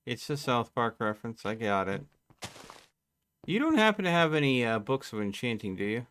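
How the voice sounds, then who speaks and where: A man's voice: mid-range voice, very animated, a bit bright, smooth. A man on a live game stream, chatting casually and thinking aloud as he plays. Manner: slow, thinking aloud while playing. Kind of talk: casual live gameplay chat.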